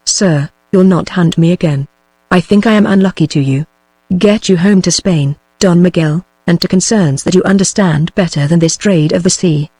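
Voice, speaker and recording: A text-to-speech woman's voice with a British English accent narrates an adventure novel in steady, even audiobook style. Its pitch is fairly low, and there's no echo.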